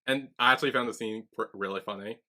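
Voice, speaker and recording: A man's voice: fairly low pitch, fast, pushed and bright. A man co-hosting a podcast, casually retelling scenes and acting out the characters' lines with frequent laughs. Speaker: podcast co-host. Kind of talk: casual recap chat.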